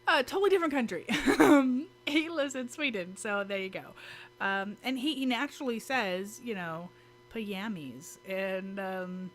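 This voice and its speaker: A woman's voice: on the high side, animated, measured pace, fairly bright tone. Chatty giggly mom vlogging to her camera, faint hum behind, lots of ums and restarts. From United States. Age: adult with children. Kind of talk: casual talking-to-camera vlog. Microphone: camera mic.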